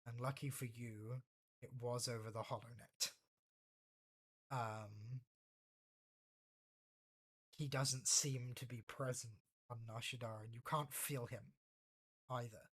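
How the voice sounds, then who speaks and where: A woman's voice: a bass voice, steady tone, slightly rough. A woman narrating a tabletop game as game master, hesitant and full of fillers. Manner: slow, hesitant, with many fillers.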